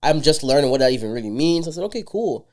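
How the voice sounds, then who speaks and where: Brief: male podcast guest, rapid delivery, mellow dark tone, lively storyteller. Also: medium pitch. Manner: animated storyteller who acts out dialogue. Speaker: entrepreneur guest. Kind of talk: casual podcast chat.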